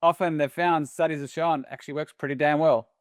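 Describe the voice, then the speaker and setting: A man's voice: on the high side, fairly even intonation, fairly quick, no echo, clean studio sound. An Australian man in his forties, a podcast guest talking earnestly and emphatically, pressing his points with repeated short phrases. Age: 40s. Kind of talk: casual podcast conversation.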